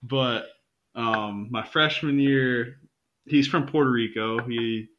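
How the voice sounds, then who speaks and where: A man's voice: medium pitch, takes it slowly, dull audio, slight background noise. A young man guesting on a casual podcast, a rambling storyteller who swears a lot.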